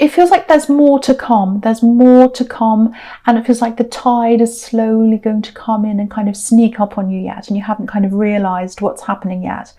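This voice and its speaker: Soft-spoken woman with mellow tone. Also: high-pitched. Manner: soft, rambling, repeats phrases. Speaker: tarot reader. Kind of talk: tarot reading monologue.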